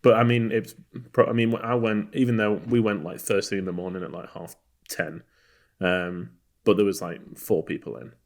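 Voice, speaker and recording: A man from Texas co-hosting a casual film podcast. His voice sits a little on the low side. He meanders through his points, full of "um" and "like", and keeps restarting his sentences. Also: fairly even intonation, normal speed, creaky. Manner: rambling, many fillers and restarts. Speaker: podcast co-host.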